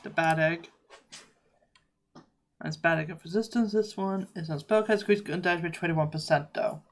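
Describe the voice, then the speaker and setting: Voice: medium pitch, normal speed. A streamer giving casual live commentary while playing, muttering thoughts on gear aloud.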